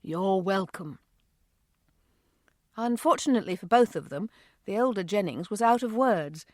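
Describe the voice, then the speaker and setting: A woman narrating an audiobook in a smooth, expressive reading voice. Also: medium pitch, brisk, no echo, clean studio sound. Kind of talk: scripted narration.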